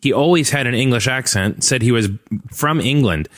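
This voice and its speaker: A man from Central Florida co-hosting a podcast, telling stories excitably and laughing often in casual banter. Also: mid-range voice, normal speed. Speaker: podcast co-host.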